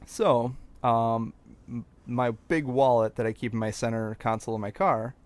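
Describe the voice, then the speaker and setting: Relaxed man telling a rambling story. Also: mid-range voice, normal speed, no room sound. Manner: relaxed, rambling, with filler words and restarts. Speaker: podcast co-host telling a story. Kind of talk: casual storytelling chat.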